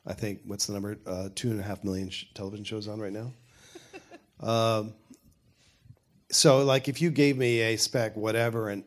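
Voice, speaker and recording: An older man with a fairly low voice answers questions as a showrunner. He talks frankly, stopping and restarting his sentences as he thinks aloud. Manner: rambling, self-correcting, frank. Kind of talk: panel Q&A talk.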